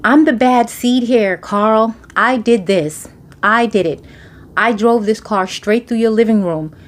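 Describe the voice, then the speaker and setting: A woman's voice: a little high, measured pace, natural voice. A woman voicing a nerdy, awkward teenage boy, making an earnest confession.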